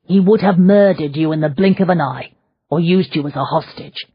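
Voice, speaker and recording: Woman reading a stern commanding gentleman. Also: low-pitched, normal speed, slightly rough, dry recording, dull audio. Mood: angry. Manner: clipped, angry, commanding. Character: stern commanding Victorian gentleman with hypnotic powers. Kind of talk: audiobook character voice.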